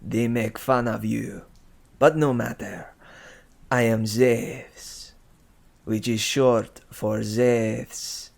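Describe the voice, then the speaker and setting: A man voicing a pompous male demigod with a put-on, bad French accent, speaking slowly and smugly. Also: mid-range voice, fairly even intonation, gravelly, darkish tone, exaggerated voice. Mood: smug flirting. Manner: slow, smug, drawn-out delivery.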